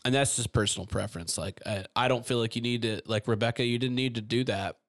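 A man from East Tennessee chats about a book in a loose, rambling way. He leans on fillers and restarts, with frequent laughs. His voice sits at a middle pitch and sounds dry and close to the mic. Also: fast, fairly bright tone, no room sound. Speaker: podcast co-host. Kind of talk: casual book discussion.

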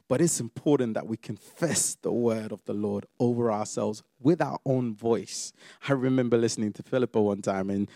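A man delivers a sermon with dynamic swings, bursting into loud, high exclamations and then sinking to quiet, intimate asides. His voice has a gravelly edge. The sound is dry and close, with little room echo. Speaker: preacher.

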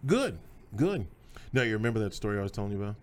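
A man's voice: on the low side, little pitch movement, rapid-fire, clean tone. A middle-aged man, hosting a podcast and telling folksy, emphatic stories as a proud father. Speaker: host. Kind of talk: podcast conversation with his son.

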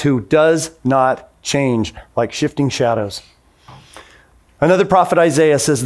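A man in his forties preaching a sermon in a casual, conversational way, acting out the voices he quotes. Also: on the high side. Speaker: pastor.

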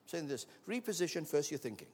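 A man with a fairly high, sing-song voice, darkish in tone with a breathy edge, talks fast as he preaches a sermon. He tells stories and acts out the voices of the people in them. The church hall recording carries the long reverb of a large hall.

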